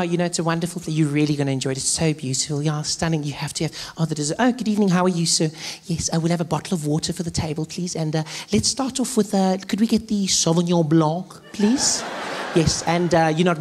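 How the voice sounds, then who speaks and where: A man's voice: fairly high pitch, steady tone, fast, darkish tone, natural voice. A man playing a restaurant customer who orders with an affected fake French accent. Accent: put-on French. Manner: affected, gushing.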